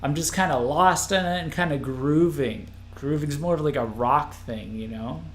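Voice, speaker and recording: A man's voice: fairly high pitch, moderate pace, echoey room. A man hosting a live stream, reacting to an album as it plays, rambling and restarting his sentences. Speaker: podcast host.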